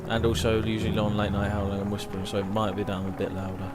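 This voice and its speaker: A man's voice: lowish voice, completely flat delivery, quick pace, very noisy. A young man chatting casually while streaming a video game, rambling and reading game text aloud. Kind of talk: casual live gameplay commentary.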